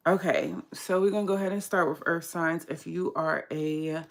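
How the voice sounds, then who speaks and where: A woman from the United States doing a casual livestream card reading, chatty and low-key, in what she calls her monotone morning voice. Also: normal speed. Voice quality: gravelly morning voice. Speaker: tarot card reader.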